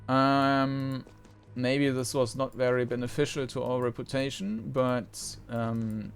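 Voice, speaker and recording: A man giving casual let's-play commentary as he plays a role-playing game. He muses and thinks aloud at an ordinary middle pitch. Soft game music plays faintly behind his voice. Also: flat delivery, takes it slowly. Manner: musing, thinks aloud with fillers.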